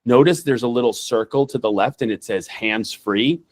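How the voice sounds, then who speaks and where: A man's voice: mid-range voice, normal speed. Chatty man giving a training demo. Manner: chatty, rambling, many fillers and restarts. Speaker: nurse practitioner and trainer. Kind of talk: casual screen-share training talk. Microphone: video call.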